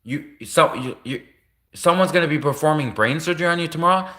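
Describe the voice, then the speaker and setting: A man's voice: a little high, brisk, bright, forceful tone, voice pushed up. A man voicing a baffled young male clubgoer who stammers in disbelief.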